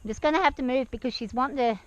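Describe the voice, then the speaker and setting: Anxious woman on a horse, kinda high voice, hesitant, soft with the horse, outdoor action cam sound. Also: very fast, no echo, muffled recording. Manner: anxious, hesitant, soothing her horse softly. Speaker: nervous horse rider. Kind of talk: talking to camera while riding. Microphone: action camera worn by the rider. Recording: outdoor action-camera audio.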